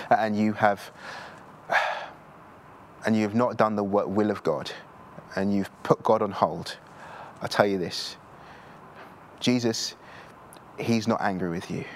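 A male preacher with a lowish voice delivers an earnest sermon, circling back over his points and stumbling into repeated restarts. Faint noise sits under the recording. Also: slow pace, long pauses.

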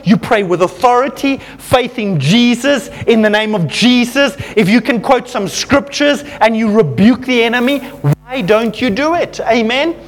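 A man preaching a sermon, telling a story to his congregation and calling them folks, growing fervent as he goes. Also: very high-pitched.

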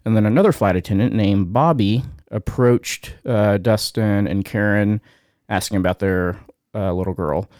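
A male podcast co-host reads out a news story casually and haltingly, often pausing on fillers and getting choked up. His voice is on the low side and a little mellow, captured with clean studio sound and no room echo.

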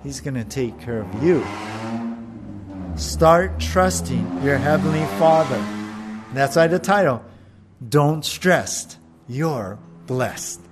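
A man giving a conversational sermon, laughing often, asking his listeners questions and slowing down to stress scripture. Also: mid-range voice, expressive, over music. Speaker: pastor.

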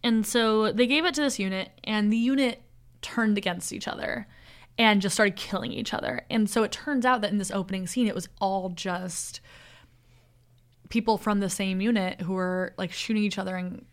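Young woman, podcast co-host, casual chat, plot recap with filler-heavy animated delivery. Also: mid-range voice, moderate pace. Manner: animated retelling, frequent "like" fillers.

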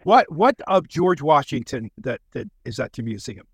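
Male radio host, 30s, mid-pitched voice, dry studio mic, brief prompting questions. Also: very animated, moderate pace, slightly rough, no room sound. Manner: short prompting questions and murmured acknowledgments. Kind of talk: radio interview.

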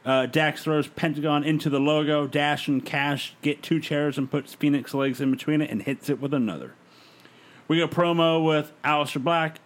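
Man recapping a fantasy wrestling card. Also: medium pitch. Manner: brisk play-by-play recap with light laughs. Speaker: podcast host. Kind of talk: casual podcast chat, reading out a fantasy wrestling show.

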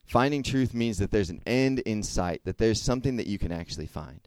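A young man gives a casual sermon to a group in a lowish, darkish voice, speaking briskly and expressively. He talks conversationally and checks in with frequent questions, and the recording has no room sound.

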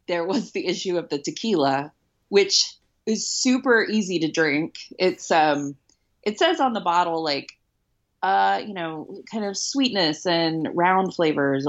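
Low-voiced wry woman in her late thirties. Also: highs cut off. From Houston, United States. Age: late 30s. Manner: wry, self-mocking, lots of ums and likes. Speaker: podcast host. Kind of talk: casual chat.

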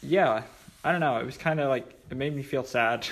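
A man co-hosting a relaxed film podcast, speaking in an easygoing, agreeable way. He often answers with a simple "yeah" and now and then adds a short personal reaction. His voice sits at an ordinary male pitch. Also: normal speed. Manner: agreeable, soft-spoken, many "yeah" replies. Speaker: podcast co-host. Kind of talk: casual film discussion.

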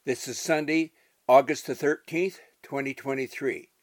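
A man's voice: medium pitch, steady tone, moderate pace, no echo. A man announcing a church radio broadcast, reading the credits and sponsors in a plain, formal way. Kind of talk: scripted announcement.

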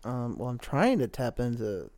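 A man's voice: mid-range voice, sing-song, normal speed, a little mellow. A man co-hosting a comedy podcast, rambling and filler-heavy in casual chat.

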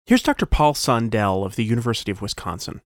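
Lively male science narrator. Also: on the low side, quick pace, dry recording. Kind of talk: scripted narration.

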